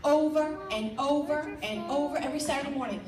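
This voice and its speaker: High-voiced woman rallying a crowd in an echoey hall. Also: brisk, darkish tone, slight background noise. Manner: rallying, exhorting the crowd with direct questions. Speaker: team leader addressing her sales team. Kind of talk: motivational speech to a live audience. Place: large room at a live event with an audience. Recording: echoey room, voice picked up from a distance.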